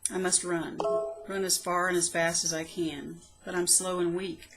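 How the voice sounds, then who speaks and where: A woman reading her own poems aloud, soft, slow and reflective, with plain spoken asides between them. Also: lowish voice, level tone, over music, low-quality recording. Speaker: poetry reader.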